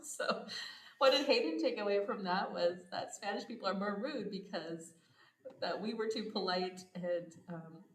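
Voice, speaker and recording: A woman's voice: medium pitch, moderate pace. Chatty woman in an echoey room. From United States. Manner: chatty storytelling, laughs often. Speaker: podcast host. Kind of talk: casual chat. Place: home abroad, indoors.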